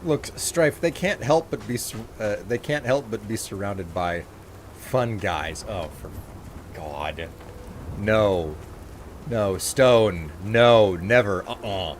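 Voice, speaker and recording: A man's voice: on the low side, slow, slight background noise. A man streaming a game, giving casual, sarcastic commentary and poking fun at himself. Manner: sarcastic, joking, self-mocking.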